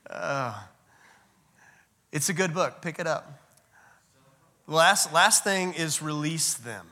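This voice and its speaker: A man's voice: on the high side, takes it slowly, long pauses, sharp tone, long reverb tail. A man preaching a sermon in a casual, joking way, talking directly to his congregation. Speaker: pastor.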